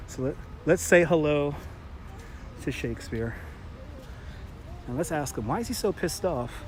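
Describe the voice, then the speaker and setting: A talkative man with a New York accent and a somewhat high voice hosts a live walking tour, joking and greeting viewers as he strolls. He is recorded outdoors on a handheld mic, with faint city noise behind him. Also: animated, measured pace, darkish tone. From Brooklyn, New York. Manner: chatty, jokey, laughs often, greets viewers. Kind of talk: casual live-stream tour narration.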